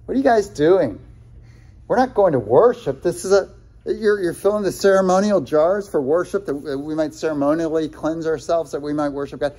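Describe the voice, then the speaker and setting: A man's voice: fairly high pitch, moderate pace, warm tone, close to an everyday voice. A man voicing a scornful wedding guest who needles the servants with incredulous questions. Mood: mocking.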